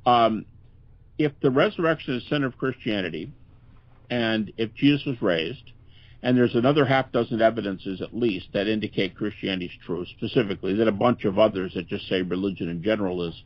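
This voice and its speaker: A man's voice: on the low side, fairly quick, dry recording. Earnest older man on a dull line. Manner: earnest, conversational, lively with many restarts. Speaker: guest scholar. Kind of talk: podcast interview. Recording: dull, lo-fi podcast audio.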